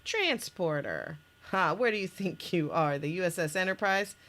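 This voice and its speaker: Reading scenes aloud from an interactive story game she made, a woman presents it casually, with restarts and laughs. Her fairly low, fairly bright voice moves a little fast.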